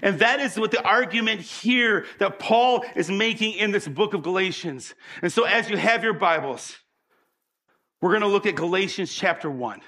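Male pastor, sermon, animated storyteller, slightly high-pitched, acts out quotes. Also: moderate pace. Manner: animated, draws the audience in.

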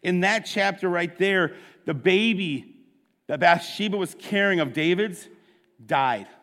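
In a church sanctuary, a pastor with a fairly high, slightly bright voice preaches at a measured pace. He retells the story loosely and conversationally, pausing for asides to listeners, his voice ringing with the long reverb of a large hall.

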